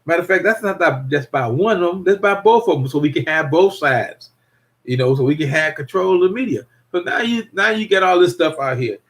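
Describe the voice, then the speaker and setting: Older male streamer, slightly high voice, rambling casual monologue. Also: lively intonation, brisk, fairly bright tone. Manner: rambling, repeats himself, greets viewers by name. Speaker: livestream host.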